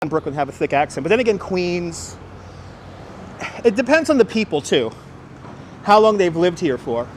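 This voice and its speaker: Brisk and very animated, this middle-aged New Yorker speaks in a slightly high voice with a light accent as he livestreams from the city streets. He chats with viewers and answers their comments through a wireless clip-on mic, with faint outdoor street noise around him.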